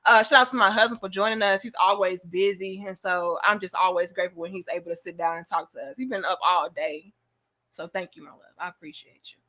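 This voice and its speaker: A woman's voice: lowish voice, fairly even intonation, a little fast, pushed and bright. A young woman hosting a casual live-stream chat, playful and teasing, laughing often. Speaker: host.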